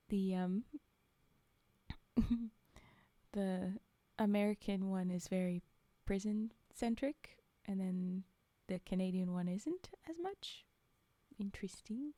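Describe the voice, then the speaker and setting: A woman's voice: medium pitch, warm tone, dry recording. Giggly woman streamer reading aloud. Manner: giggly, playful asides. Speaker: storytime streamer. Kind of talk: reading aloud and reacting casually.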